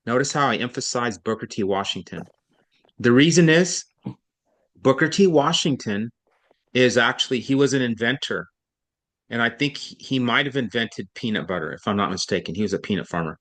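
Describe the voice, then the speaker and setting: A man's voice: mid-range voice, lively intonation, moderate pace, fairly bright tone. A male reading tutor speaks in a mid-range voice over a computer microphone during a one-on-one online lesson. He explains patiently and step by step, thinking aloud and correcting himself as he goes.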